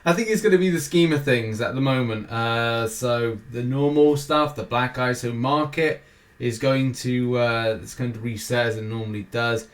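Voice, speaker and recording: A man's voice: mid-range voice, normal speed. A British man hosting a weekly gaming show, rambling through the schedule with jokey, self-mocking asides. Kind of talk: casual weekly game schedule rundown.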